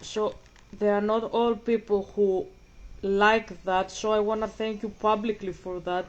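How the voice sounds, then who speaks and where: A woman's voice: medium pitch, little pitch movement, measured pace. A woman from Greece, chatting casually and hesitantly in English, often repeating words as she searches for them, on a dull lo-fi recording. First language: Greek. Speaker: vlogger. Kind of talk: casual emotional chat.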